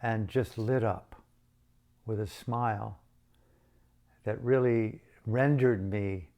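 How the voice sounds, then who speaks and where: A man's voice: fairly low pitch, steady tone, takes it slowly, darkish tone. A man from the United States telling a personal story in a reflective, self-mocking way with shifting emphasis. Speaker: storyteller and author.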